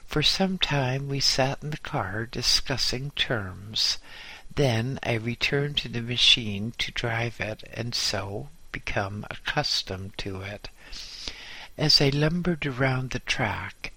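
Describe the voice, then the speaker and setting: A man narrating a memoir audiobook in a measured, dryly humorous way. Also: mid-range voice, sharp tone, husky.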